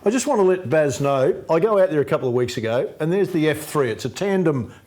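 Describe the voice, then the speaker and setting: A man's voice: on the high side, lively intonation, quick pace, a little mellow. A man with an Australian accent hosting a sports talk show, chatty and keen, calling everyone mate. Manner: chatty, enthusiastic, says mate often. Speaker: host.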